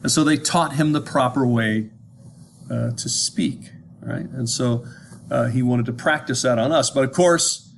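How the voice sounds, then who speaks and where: An American man lecturing in a loose, conversational way, often stopping to ask whether the class is following. His pitch sits in a middle range, and his sentences restart often as he thinks aloud. A faint hiss of background noise runs under the recording. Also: measured pace, gravelly. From United States. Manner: conversational, checks in with listeners, many restarts.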